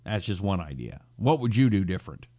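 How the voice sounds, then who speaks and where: A man's voice: deep voice, very animated, a little fast, dark tone. A man hosting a casual live-stream talk show, sarcastic and wisecracking, reading out viewer comments.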